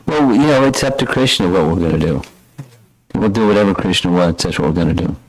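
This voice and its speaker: Older male spiritual teacher, very low voice, close and dry sound, reflective class delivery. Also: lively intonation, no room sound, rough recording. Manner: reflective, unhurried storytelling. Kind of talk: scripture class.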